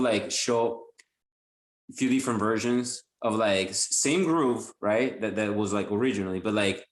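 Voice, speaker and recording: A man's voice: on the low side, reverberant, low-quality recording. A male guitarist guest chatting casually and enthusiastically in an interview, rambling with lots of fillers.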